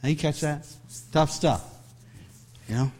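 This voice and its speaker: A man's voice: on the high side, a little slow, darkish tone. A man preaching a sermon as pastor, reading scripture aloud and breaking into conversational asides, with many restarts.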